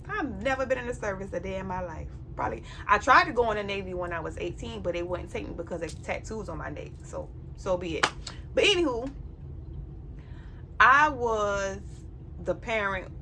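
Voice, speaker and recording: A blunt woman vlogger with a gravelly, medium-pitched voice that sounds pushed and bright shares life advice as a parent in casual personal talk. She's emphatic and keeps asking "you know what I'm saying." Slight background noise is present.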